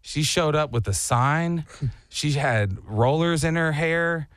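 A man's voice: slow, fairly bright tone, no room sound, studio quality. A man hosting a radio show, joking with callers and co-hosts and mimicking people in his stories. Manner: joking, high-energy, mimics voices in anecdotes. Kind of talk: morning radio banter.

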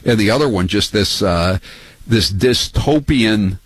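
A low, husky-voiced man hosts call-in talk radio, opinionated and rambling. His voice leaps up high when he gets worked up. The studio sound is dry and close. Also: measured pace, no echo. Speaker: radio talk show host.

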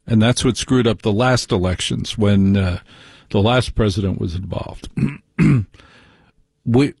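A man's voice: mid-range voice, darkish tone, husky, no echo, clean studio sound. A man hosting a talk show, delivering an opinionated monologue in a ranting, conversational way full of rhetorical questions.

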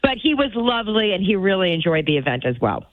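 A woman's voice: medium pitch, sing-song, fast talker, dry recording. A woman producer chatting casually on air, telling stories about herself with a laugh and a self-mocking tone. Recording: tinny phone-like line.

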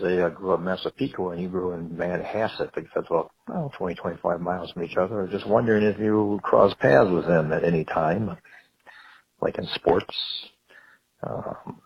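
A male caller phones in to a radio show, speaking low, gravelly and very husky. His question meanders and hesitates, and it comes through a muffled phone line. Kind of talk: call-in question.

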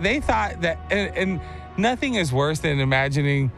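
Talk host, male, lively storyteller, slightly high voice, faint music behind. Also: normal speed. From Texas. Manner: animated storyteller, acts out quotes. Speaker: radio show host. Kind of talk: casual chat.

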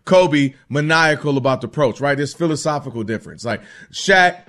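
A man co-hosting a sports talk show in a casual, animated way, often slipping into players' voices when he quotes them. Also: on the high side, fairly quick.

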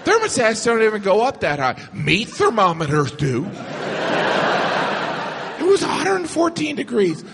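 A man doing stand-up comedy, animated and shouting his punchlines. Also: high voice, measured pace, long pauses. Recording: echoey noisy club with loud crowd.

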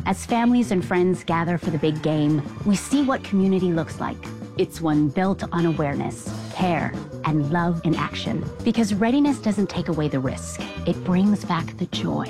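A woman with a lowish voice reads a public service ad slowly and earnestly. Music plays clearly behind her. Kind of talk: scripted voice-over.

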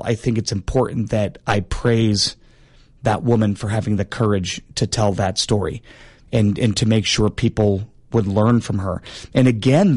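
A man's voice: medium pitch, gravelly, dry recording, clean studio sound. A man giving casual, earnest advice, often restarting and repeating words as he explains.

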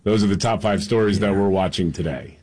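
A male radio talk host with a husky voice, reading news headlines in a conversational way with fillers. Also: on the low side, fairly quick, a little mellow.

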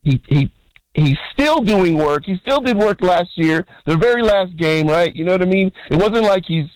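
Man calling a sports show, fairly high, dry sound, keeps saying "right?", lots of fillers. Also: lively intonation, moderate pace, dry recording, rough recording. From California. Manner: rambling, full of fillers and restarts, keeps asking "right?". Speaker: caller. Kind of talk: phone-in call.

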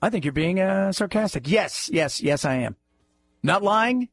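A man's voice: sits high, lively intonation, a little slow, faint music behind. A man hosting a talk radio show, delivering a sarcastic, mocking monologue.

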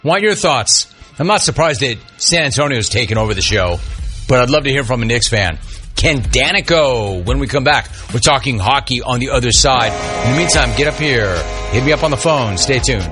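Lively, bright-voiced sports radio host man. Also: normal speed, faint music behind. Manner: animated, swooping pitch, mocking impressions.

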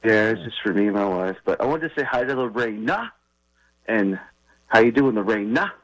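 A man's voice: on the low side, lively intonation, moderate pace, fairly bright tone, no room sound, low-quality recording. A man calling into a sports radio show, rambling and laid-back as a frustrated fan. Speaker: caller. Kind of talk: casual call-in chat.

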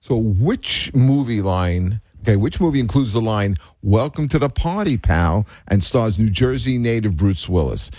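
A man's voice: lowish voice, animated, moderate pace, hardly any pauses, dark tone, no echo, clean studio sound. A man cohosting a radio show, reading a movie trivia question.

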